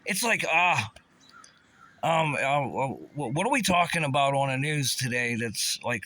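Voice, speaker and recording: Sarcastic ranting man with a lively, bright voice. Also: medium pitch, measured pace, slight background noise. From Pittsburgh area. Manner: agitated, sarcastic, stumbling over restarts. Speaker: vlogger. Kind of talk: angry profane rant.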